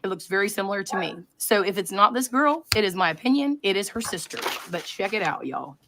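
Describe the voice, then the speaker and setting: A woman's voice: medium pitch, animated, a little fast, noisy background. A woman hosting a live stream, talking to her chat in a rambling, conspiratorial way and often interrupting herself. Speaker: livestream host.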